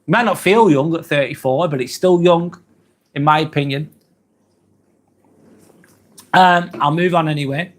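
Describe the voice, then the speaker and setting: With a voice on the high side, a measured pace, and long pauses, a man in his 40s from England hosts a live stream. He chats casually through viewer comments, earnest and hesitant, often saying um and apologizing.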